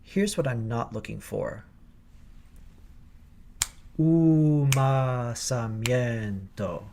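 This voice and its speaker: A man's voice: mid-range voice, expressive, moderate pace, a little mellow, a little hiss or hum. A man coaching choir singers in a recorded rehearsal lesson, explaining diction precisely and patiently.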